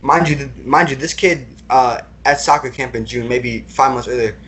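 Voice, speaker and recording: A man's voice: mid-range voice, fairly even intonation, moderate pace, fairly bright tone, a little hiss or hum. A young man recounting personal experiences as a podcast guest, talking casually with lots of fillers and repeated words.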